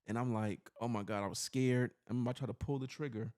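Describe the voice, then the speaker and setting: A man's voice: mid-range voice, steady tone, quick pace, darkish tone. A man from New York City, a podcast host, telling a personal story in casual chat, earnest and rambling with lots of "you know.".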